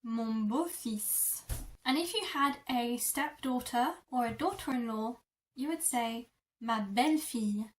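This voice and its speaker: A young woman teaching French words in a lesson, repeating each word slowly and carefully. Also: fairly high pitch, recorded from a distance. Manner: slow, careful repetition of words. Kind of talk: vocabulary lesson.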